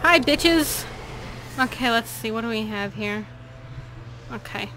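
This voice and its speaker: A woman's voice: mid-range voice, level tone, normal speed, noisy background. A woman hosting a co-op let's play, chatting casually, laughing and swearing playfully as she plays. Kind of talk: casual gameplay chat.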